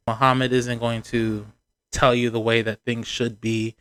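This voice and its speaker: A man giving sarcastic, animated commentary on a reality TV show in a casual vlog, with punchy emphasis on his points. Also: mid-range voice, a little slow, clear, resonant tone.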